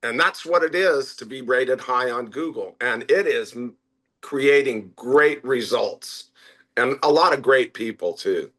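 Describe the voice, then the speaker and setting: Bright-voiced middle-aged male restaurant owner. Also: medium pitch, unhurried. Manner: animated anecdotes with acted-out quotes and frequent fillers. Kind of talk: conversational interview storytelling.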